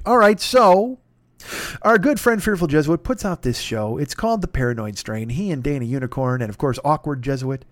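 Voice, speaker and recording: A man hosting a podcast, plugging a sponsor in a crude, profane, self-mocking ramble that swings between loud bursts and muttered asides. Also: medium pitch, very animated, normal speed, no room sound. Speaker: podcast host.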